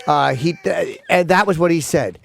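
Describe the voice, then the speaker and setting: A man's voice: fairly high pitch, normal speed, gravelly, faint music behind. A male radio host in casual studio banter, rambling through stammered restarts and swearing freely.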